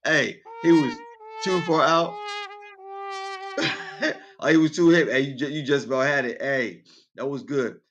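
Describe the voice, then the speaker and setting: A man's voice: measured pace, pauses often, a bit bright, soft background music. A man hosting a casual radio show, telling dad jokes, laughing at his own punchlines and talking straight to his listeners. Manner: quoted voices go far higher in pitch.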